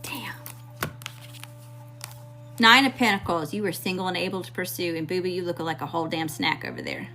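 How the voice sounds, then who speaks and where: A woman's voice: fairly low pitch, moderate pace, pauses often, soft background music. Sassy Mississippi woman reading tarot. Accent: Mississippi Southern US. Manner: sassy, blunt, profane, animated. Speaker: tarot reader. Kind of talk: casual tarot reading to viewers.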